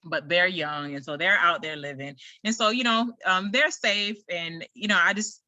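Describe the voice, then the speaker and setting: A woman's voice: fairly low pitch, moderate pace, dry recording. A woman hosting her own podcast, talking casually and rambling through a story with lots of fillers. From United States. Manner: chatty, rambling, animated retelling with frequent fillers. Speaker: podcast host. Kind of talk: casual solo podcast chat.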